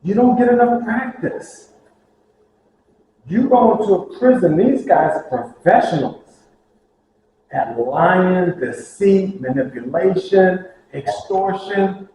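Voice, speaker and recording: A man telling lively stories about prison ministry to a group, acting out the voices of the people in them. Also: high-pitched, takes it slowly. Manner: animated, acts out dialogue, laughs at own stories. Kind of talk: storytelling talk to a group. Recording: very echoey room with faint hiss.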